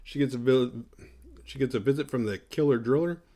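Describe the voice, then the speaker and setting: Man, mid-pitch, hosts a horror review show; loose, profane, sarcastic recap. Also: a little fast, warm tone. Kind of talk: casual movie recap.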